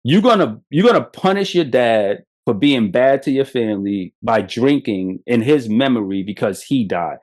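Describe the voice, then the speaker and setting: Blunt Brooklyn man, profane and animated. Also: mid-range voice, moderate pace, hardly any pauses. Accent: New York. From Brooklyn, New York. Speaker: podcast host. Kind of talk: candid motivational talk.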